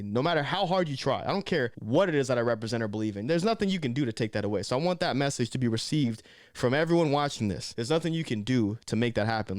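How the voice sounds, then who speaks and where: A young man from Southern California talking casually to camera, animated and slangy, often saying man and bro. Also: mid-range voice, no echo, clean studio sound. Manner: animated, slips into mocking voices. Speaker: vlogger.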